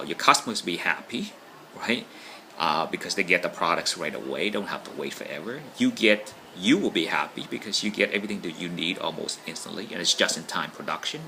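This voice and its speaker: A man's voice: low-pitched, creaky, sharp tone, slight background noise, low-quality recording. A man talking casually to camera in a rambling monologue, often checking in with "right?". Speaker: vlogger.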